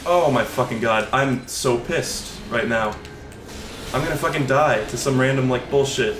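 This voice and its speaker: A man giving live gameplay commentary as a streamer, frustrated, sarcastic and profane, often yelling at the game. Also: medium pitch, moderate pace, reverberant, background noise. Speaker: gaming streamer.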